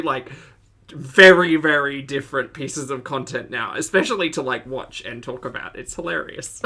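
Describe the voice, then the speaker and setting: Brief: woman streamer with a Southern US accent, bright tone, casual reaction chat, laughs a lot and greets viewers. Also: extremely low pitch, moderate pace. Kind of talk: casual live-stream commentary.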